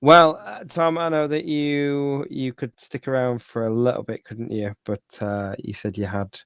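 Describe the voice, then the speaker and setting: A man hosting a community voice chat, relaxed and laid-back as he wraps things up. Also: medium pitch, measured pace, clear, resonant tone, no room sound. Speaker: community host. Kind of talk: casual conversation.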